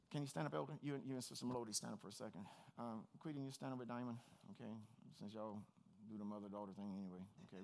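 A male pastor preaching an emphatic sermon, repeating phrases and building to fervent peaks. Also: fairly high pitch. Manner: emphatic, repeats phrases, rises to shouting fervor.

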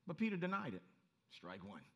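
Animated, bright-voiced male preacher. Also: a little high, fairly quick, gravelly. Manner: animated storytelling, acts out voices, laughs. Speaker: pastor. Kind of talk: sermon.

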